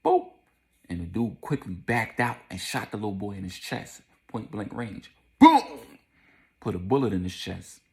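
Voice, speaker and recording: A man narrating a casual storytime, animated, repeating lines and adding vocal sound effects. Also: fairly low pitch, moderate pace, creaky.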